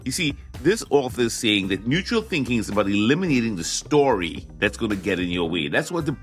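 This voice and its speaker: Lively, emphatic male motivational host. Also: fairly low pitch, fairly quick, soft background music. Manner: animated, emphatic, repeats key phrases. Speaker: podcast host. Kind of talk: motivational talk.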